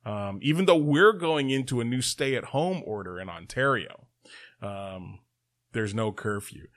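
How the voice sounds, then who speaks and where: Casual male news-commentary host, wry and profane, animated pitch. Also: a little slow. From Canada. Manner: sarcastic asides, profane, chuckling. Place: Toronto.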